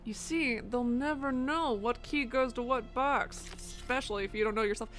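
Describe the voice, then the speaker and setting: A woman's voice: on the high side, normal speed, fairly bright tone, faint music behind. A woman streaming a video game, ranting in dramatic exasperation. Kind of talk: live game stream commentary.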